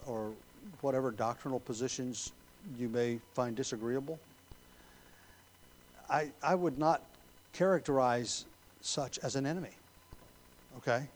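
A man preaching an expository sermon as a pastor, emphatic on key words, with frequent ums and throat clearing. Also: medium pitch.

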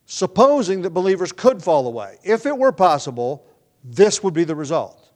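A man's voice: sits high, very animated, normal speed, darkish tone. A man with a nagging cough, preaching an earnest expository sermon, often restarting phrases with fillers. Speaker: pastor.

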